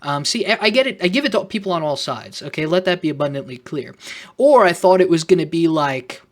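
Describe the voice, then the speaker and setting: A man's voice: a little high, lively intonation, brisk. A man making an off-the-cuff vlog, talking sarcastically and rambling, with self-conscious asides. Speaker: YouTuber.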